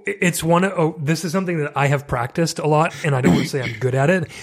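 Candid Canadian man, fairly high voice. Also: fast, gravelly, a little hiss or hum. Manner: candid and self-deprecating, animated asides. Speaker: podcast host. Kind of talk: casual conversation.

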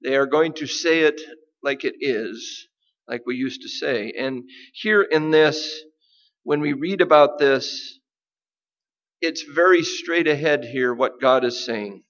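A man preaching a sermon, deliberate and emphatic, with dramatic pauses. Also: mid-range voice, a bit bright, muffled recording. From United States. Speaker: pastor.

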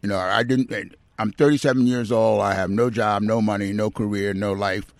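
Older man, seventies, counselor, candid storytelling, lowish voice. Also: fairly even intonation, normal speed, vocal fry, no room sound. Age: 70s. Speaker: addiction counselor guest.

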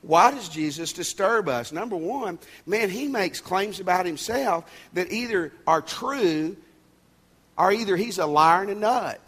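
A pastor preaches in a somewhat high-pitched male voice, talking to the congregation in a plain, conversational way. He leans hard on his key points and drops folksy asides and jokes between them. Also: animated, a little slow, fairly bright tone, husky. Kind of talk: sermon.

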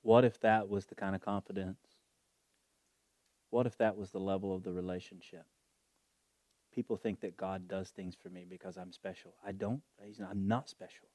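A male preacher with a fairly low voice delivers a fervent, heartfelt sermon. He stretches his phrases and lingers on them. The recording is dry and close. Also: steady tone, dark tone, dry recording. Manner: fervent, emotional, drawn-out preaching.

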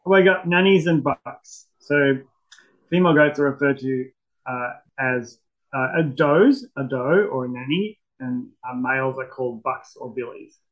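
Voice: mid-range voice, unhurried, dull audio. A podcast co-host in casual chat, laughing often and trailing off mid-thought.

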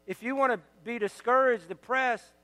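A man preaching from the pulpit in an unusually high, bright voice. He exhorts his congregation earnestly and builds to emphatic declarations. The sound carries a long reverb from the sanctuary. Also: normal speed. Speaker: pastor. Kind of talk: sermon. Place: church sanctuary.

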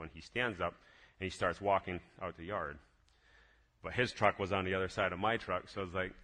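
A man with a fairly low but bright, forceful voice recounts a personal faith story. He talks casually and gets excited, restarting his sentences as he goes. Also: quick pace. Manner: lively, excited retelling with many restarts. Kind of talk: casual spoken testimony storytelling.

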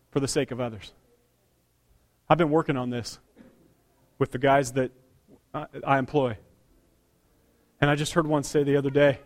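Brief: middle-aged male pastor, high tenor voice, punchy preaching that drops low and rises loud. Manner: emphatic preaching with sudden loud and quiet turns. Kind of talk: sermon. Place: church sanctuary.

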